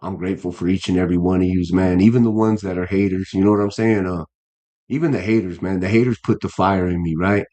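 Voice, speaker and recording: A man's voice: low voice, fairly even intonation, fast talker, mellow. A man in his fifties, a guest boxer in a casual interview, talking earnestly with many restarts and fillers. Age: 50s.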